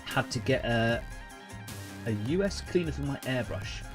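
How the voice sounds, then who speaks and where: Casting: man in his thirties, middle-pitched, casual chatty stream host, faint music under. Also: lively intonation, measured pace. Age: 30s. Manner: rambling, chatty, many fillers and restarts. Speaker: host of a live painting stream. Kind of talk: casual live-stream chat.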